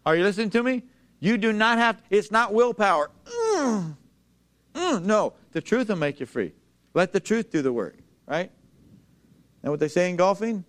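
Man, preacher delivering a sermon; high, smooth voice, emphatic, draws the congregation in with questions. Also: very animated. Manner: emphatic, asks the congregation to repeat lines, slows for scripture. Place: church before a congregation.

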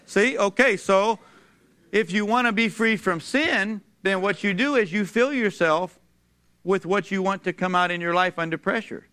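Male preacher, high voice, smooth and resonant, emphatic, calls for responses, slow scripture reading. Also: bright, forceful tone. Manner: emphatic, asks the congregation to repeat lines, slows for scripture. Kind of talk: sermon. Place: church before a congregation.

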